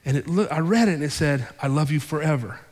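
A man's voice: fairly high pitch, fast, big-room sound. A male pastor telling a story in a sermon, acting out the dialogue as he goes. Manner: animated retelling with quoted dialogue. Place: church sanctuary.

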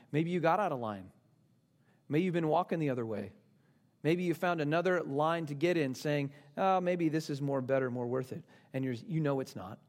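A pastor preaching a sermon with earnest conviction, swinging from emphatic peaks to soft, low passages, with conversational asides and questions to the congregation. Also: male voice.

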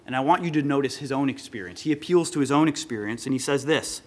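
A man's voice: medium pitch, fast talker, darkish tone. A man preaching an earnest sermon, rising with emphasis when he quotes scripture. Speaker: pastor.

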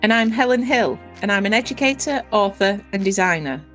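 Bolton-accented woman co-host, cheerful, jokey intro read, soft music under. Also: medium pitch, animated, fairly quick. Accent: British, Bolton. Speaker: podcast co-host. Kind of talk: scripted podcast intro.

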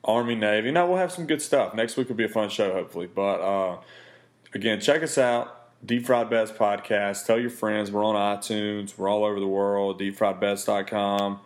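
Podcast host, man, raspy and hoarse, lowish voice, loose joking betting talk. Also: moderate pace. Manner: loose, joking sign-off chatter. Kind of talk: casual sports betting chat.

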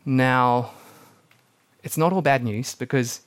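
A young man preaching a sermon to his church, telling stories with animated energy and acting out the people he quotes. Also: medium pitch, slow pace. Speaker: pastor.

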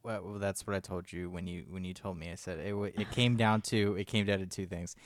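Man, lowish voice, measured casual co-host, dry sound. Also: steady tone, dry recording. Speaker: podcast co-host. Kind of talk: casual chat.

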